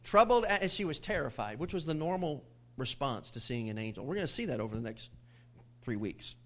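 A man's voice: medium pitch, fairly quick. A middle-aged male pastor preaching a sermon to his church, telling stories with jokes and laughter. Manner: animated storytelling with jokes and laughs.

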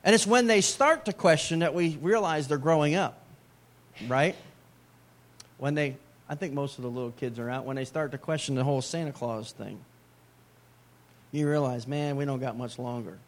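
A man's voice: medium pitch, normal speed. A middle-aged man preaching a sermon as a pastor, in a conversational way with joking asides.

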